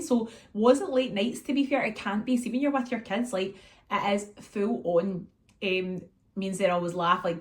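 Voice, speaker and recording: Scottish woman, casual vlog chat, lively storyteller who acts out the bits. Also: medium pitch. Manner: chatty and animated, acts out scenes and quotes her kids. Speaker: vlogger catching up with viewers.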